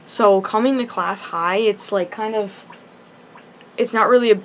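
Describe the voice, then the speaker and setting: A woman's voice: mid-range voice, a little slow, a little hiss or hum. A teenage girl chats through a personal story for her vlog. She rambles, restarts her sentences and fills them with "like" in a loose, casual way. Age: teens. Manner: rambling, chatty, full of "like" and restarts. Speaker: high school student.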